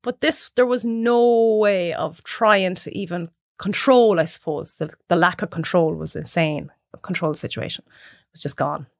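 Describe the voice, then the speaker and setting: A woman in her thirties with an Irish accent, chatting as a podcast guest and acting out her clients in high voices. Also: normal speed, dry recording, studio quality. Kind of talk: casual chat.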